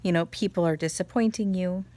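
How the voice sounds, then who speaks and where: A mother chatting casually about spiritual energy, telling family stories with animated laughter. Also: on the low side, fairly quick, dry recording. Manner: animated storytelling, laughs often. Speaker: vlogger, mother. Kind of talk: casual chat, spiritual reflection.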